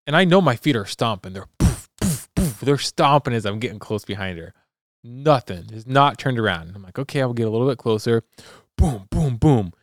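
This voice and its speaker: A man's voice: medium pitch, no room sound, studio quality. A young adult man co-hosting a podcast, chatting casually and acting out sounds and quotes as he tells an anecdote. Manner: animated, acts out sounds and quotes. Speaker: podcast co-host. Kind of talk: casual storytelling chat.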